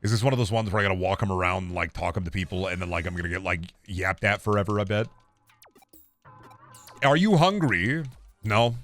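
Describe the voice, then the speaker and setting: Low-pitched and steady, this young man talks rapid-fire with hardly a pause, his tone fairly bright over soft background music. He's streaming a game from his home setup, muttering profanely to himself into a nearby desk microphone as casual gameplay commentary.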